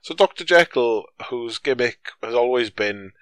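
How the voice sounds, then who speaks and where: A man's voice: mid-range voice, expressive, a little slow, a bit bright, clear, resonant tone, no echo. A man cohosting a casual film review podcast, rambling and jokey with many restarts. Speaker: podcast co-host.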